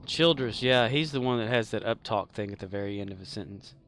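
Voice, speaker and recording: A man's voice: on the low side, brisk, fairly bright tone. A man chatting casually on a live game stream, rambling with lots of fillers. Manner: rambling, filler-heavy, laughs at his own jokes. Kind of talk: casual live-stream chat while gaming.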